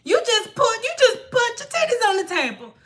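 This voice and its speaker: Blunt, high-voiced woman ranting on a livestream. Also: fairly quick. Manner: blunt, profane, animated ranting. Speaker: hair stylist hosting a livestream. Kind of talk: casual livestream rant.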